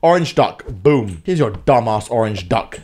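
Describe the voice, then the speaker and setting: A man's voice: lowish voice, lively intonation, measured pace, darkish tone. A man ranting and swearing his way through comedic gameplay commentary. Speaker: gaming YouTuber.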